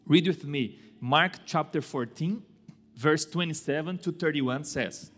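Male pastor, high voice, unhurried sermon, long echo of a church hall. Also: faint music behind. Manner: slow, deliberate delivery with dramatic swings in pitch and loudness.

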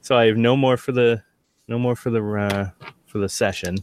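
A man playing a tabletop game, hesitant and full of restarts, getting excited about his dice rolls. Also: mid-range voice, normal speed, background noise. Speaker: player. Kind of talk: casual game chat.

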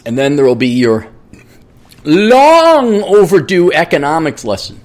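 A man's voice: a little high, big pitch swings, measured pace. A man hosting a solo podcast, rambling, profane and sarcastic while he reads sponsor plugs and vents. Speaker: podcast host.

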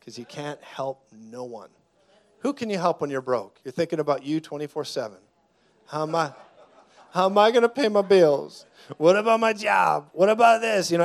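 A man preaching a sermon as a guest preacher, declaring loudly at times and then dropping to a hushed, intense tone, with jokes along the way. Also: fairly high pitch. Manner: jokey, laughs mid-sentence.

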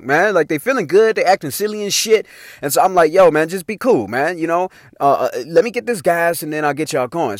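A man's voice: mid-range voice, dry recording, clean studio sound. A middle-aged man hosting his own show, telling a personal story in casual, profane slang. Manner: profane, animated, slangy street talk. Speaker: podcast host telling a story.

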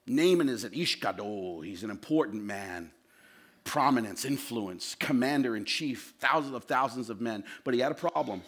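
A male pastor preaching a sermon with passion, swinging from loud shouted lines to low, quiet asides.

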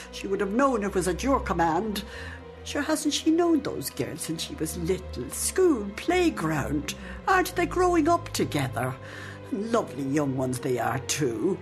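An Irish actress playing a fiercely loyal old nurse who reared a girl, spirited and argumentative, in a radio drama. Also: fairly low pitch.

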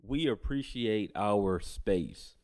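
A young man from the American South in a casual chat, relaxed and laughing often, drawing out his words. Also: lowish voice, slow.

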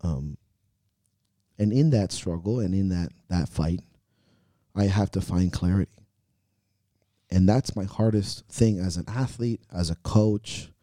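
A man on a podcast talks candidly about his fears as a coach, swearing freely and questioning himself out loud. He sighs and lets his sentences trail off into pauses. His voice sits low and very dark, and it is recorded dry and close with no room sound. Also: dry recording. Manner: earnest, profane, self-questioning.

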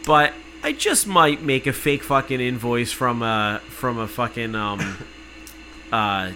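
A man telling an exasperated, profane story in casual podcast chat, cursing freely and working himself up to shouting. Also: mid-range voice, animated, takes it slowly, noisy background.

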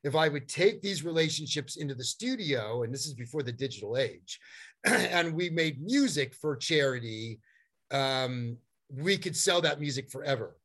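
A middle-aged man telling a long story as a guest, animated and rambling, with many fillers and restarts. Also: a little high, normal speed. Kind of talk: storytelling in a conversation.

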